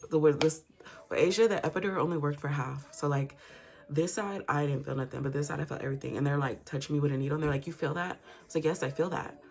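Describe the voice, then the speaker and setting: A woman's voice: low voice, fast, creaky, a little mellow. A young woman vlogger, telling a story in casual, profane chat and acting out the quotes. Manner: candid and profane, acts out quotes.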